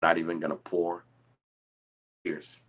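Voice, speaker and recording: Deep husky man telling stories. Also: a little slow. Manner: animated, storytelling with repeated restarts. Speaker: whiskey show contestant. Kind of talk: casual chat.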